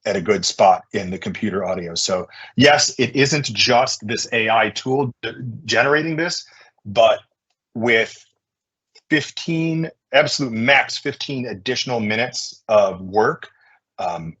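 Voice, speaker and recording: A man giving an energetic conference presentation, chatty and full of fillers. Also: on the low side, unhurried, breathy edge.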